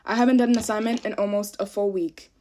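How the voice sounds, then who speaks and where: A woman's voice: medium pitch, steady tone, fast talker, warm tone, a little hiss or hum. A young woman, a college student, in a profane, self-deprecating rant to camera while getting ready. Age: young adult.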